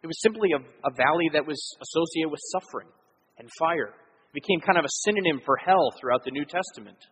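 A man's voice: fairly high pitch, expressive, a little fast, fairly bright tone, slightly rough. A man preaching a sermon as pastor, explaining earnestly with frequent fillers. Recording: long hall reverb.

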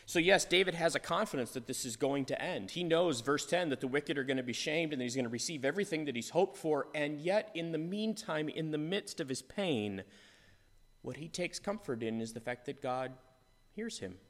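A man's voice: fairly high pitch, expressive, normal speed, fairly bright tone. A man preaching a sermon, earnest and repetitive, his voice rising in force on key lines. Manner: earnest, repeats phrases for emphasis, swells in volume on key points. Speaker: pastor. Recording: long reverb of a large hall.

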